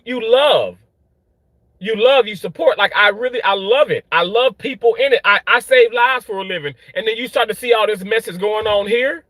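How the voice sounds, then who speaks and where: A man who works in healthcare, ranting in an emotional vlog, swinging from loud yelling to quiet, halting talk, often repeating himself and swearing. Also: high-pitched, a little hiss or hum, low-quality recording. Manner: repeats and restarts phrases, swears. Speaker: healthcare worker.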